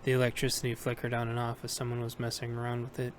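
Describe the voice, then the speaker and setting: A man narrating an audiobook in a steady, plain reading voice with small self-corrections. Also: mid-range voice, fast talker, a little hiss or hum. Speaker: audiobook reader.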